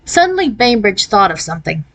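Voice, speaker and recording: A woman reading a children's chapter book aloud. Her narration is clear and steady, at a middle pitch for a woman. She tells the story plainly between the character voices. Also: brisk. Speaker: reader.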